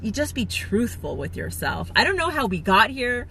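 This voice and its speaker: A woman gushes to her viewers on a phone live stream, her voice bright and slightly high. She rambles warmly through fillers, sounding close to tears as she thanks people. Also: big pitch swings, normal speed, a little hiss or hum. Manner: gushing, heartfelt, chatty with many fillers. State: near tears. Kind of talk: emotional live-stream chat.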